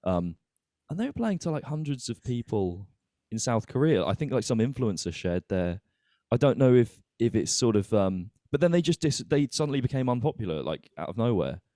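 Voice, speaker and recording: A man's voice: mid-range voice, sing-song, brisk, few pauses, warm tone, dry recording, studio quality. A man hosting a podcast, asking questions in a rambling way that often trails off and restarts. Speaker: podcast host. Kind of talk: casual podcast chat.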